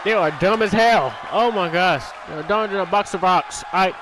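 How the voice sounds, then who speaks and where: A man hosting a gaming channel, giving casual commentary on a wrestling game, exasperated, shouting at the screen and swearing. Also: sits high, normal speed. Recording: game audio with loud crowd noise. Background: video game crowd noise.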